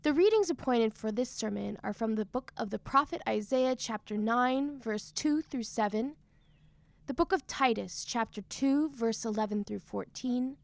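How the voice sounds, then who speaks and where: Woman with a gravelly voice reading an announcement. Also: a little high, dry recording. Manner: measured and formal. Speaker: scripture reader.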